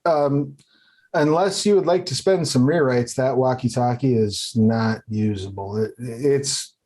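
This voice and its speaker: Mid-pitched man as casual game master, halting, filler-heavy narration. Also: a little mellow.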